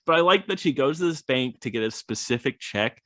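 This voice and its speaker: A man co-hosting a casual film podcast, chatty and quick to agree, with many filler words. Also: mid-range voice, animated, bright, forceful tone, a little hiss or hum. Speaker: podcast co-host.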